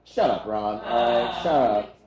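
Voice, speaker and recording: A roast comedian with a mid-range voice speaks slowly on stage in a crowded comedy venue, delivering a crude, rambling set full of self-deprecation. The sound is roomy, and the background is noisy.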